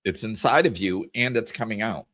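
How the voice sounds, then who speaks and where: A middle-aged podcast host talks at a moderate pace in a fairly bright voice on the low side. Earnest and reflective, he explores scripture and the inner life, regularly repeating and correcting his words along the way.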